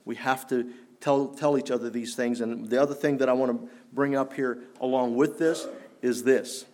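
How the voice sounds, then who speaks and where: A man preaching a sermon in an earnest, challenging way, rising for emphasis and dropping low. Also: fairly even intonation, moderate pace, a little mellow, a little hiss or hum. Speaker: pastor.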